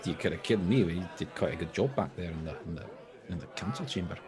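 A man's voice: deep voice, expressive, fast talker, crowd noise. A man playing a tabletop role-playing game in character, playful and chatty with many asides. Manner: playful, lots of asides and restarts.

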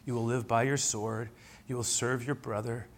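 A man voicing an old blind father who speaks quietly and heavily, resigned to what he cannot undo. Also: mid-range voice, flat delivery, moderate pace, lightly acted.

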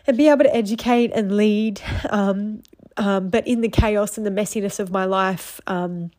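A young adult woman talks alone into her podcast in a candid, open way. She is emotional, laughs often and leans on ums and likes. Her voice sits at an ordinary middle pitch for a woman. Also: darkish tone. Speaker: podcast host and business owner. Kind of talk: personal solo podcast monologue.

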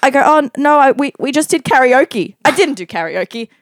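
A woman's voice: high-pitched, moderate pace, dry recording, studio quality. A woman telling an awkward personal story with laughter, acting out the dialogue. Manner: animated, laughing, acts out dialogue. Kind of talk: casual storytelling.

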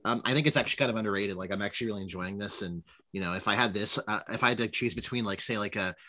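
A young man from Canada co-hosting a casual beer review, chatty and animated. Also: on the low side, very fast. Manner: chatty, animated, laughs easily. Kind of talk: casual chat.

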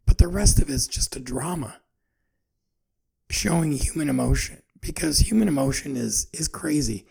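A man's voice: mid-range voice, gravelly, a little mellow, breathy edge. A man in his forties, hosting a podcast, talking in a rambling, earnest, self-searching way about his feelings. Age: 40s. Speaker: podcast host. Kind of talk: personal reflective monologue.

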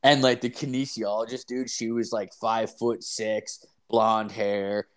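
A man's voice: fairly low pitch, flat delivery, unhurried. A young man casually telling a rambling, profanity-filled story about a mishap at work. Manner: profane, rambling, acts out voices in anecdotes.

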